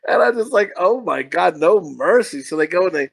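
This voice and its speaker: A man's voice: sits high, animated, moderate pace, gravelly, poor audio. A man co-hosting a podcast, chatting casually about a movie in a rambling, profane way with frequent laughter. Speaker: podcast co-host. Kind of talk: casual movie review chat.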